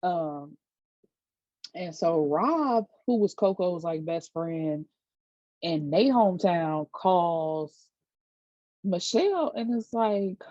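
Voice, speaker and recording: A chatty, sassy woman retells a TV story in a casual vlog, slipping into slangy quotes. Her voice sits low and dark. The recording is dry and a little dull. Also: expressive, slow pace, long pauses, dry recording. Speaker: book and TV recap vlogger.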